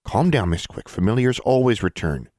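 A man's voice: on the low side, big pitch swings, moderate pace, dark tone, no room sound, clean studio sound, voice pushed up. A man voicing a kindly, reassuring middle-aged female teacher. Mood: soothing. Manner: soothing and reassuring.

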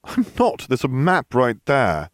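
A man puts on a clever, easily exasperated teenage witch. Her falsetto is high and strained, leaping around a lot. The sound is close and dry. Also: huge pitch swings, unhurried, dry recording.

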